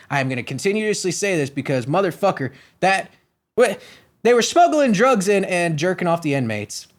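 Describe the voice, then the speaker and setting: A man from Florida hosting a podcast, ranting in a profane, sarcastic, rambling comedic style. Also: high voice. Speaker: podcast host. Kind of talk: comedic rant.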